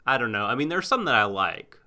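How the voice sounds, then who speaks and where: A man's voice: medium pitch, very animated, fast, pushed and bright. A man co-hosting an anime podcast, talking casually and hesitantly. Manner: hesitant, many fillers and restarts. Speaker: podcast co-host.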